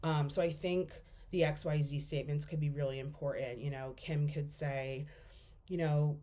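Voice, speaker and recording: A woman's voice: low-pitched, fairly even intonation, moderate pace, dark tone. Chatty young woman giving a class talk. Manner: casual, thinking aloud with many fillers. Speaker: student presenter. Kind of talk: class presentation.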